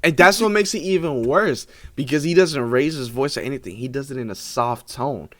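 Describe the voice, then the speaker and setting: A young man reacting to clips, rambling excitedly with lots of fillers. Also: medium pitch, a little fast, no room sound. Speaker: reaction video host. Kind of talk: casual reaction commentary.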